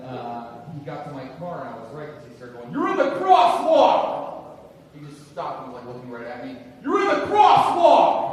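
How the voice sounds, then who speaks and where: A man doing a stand-up comedy set on a theater stage, self-deprecating, acting out the people in his stories. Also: mid-range voice. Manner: self-deprecating, acts out shouted quotes. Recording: roomy hall from a distance, noisy. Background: audience laughter.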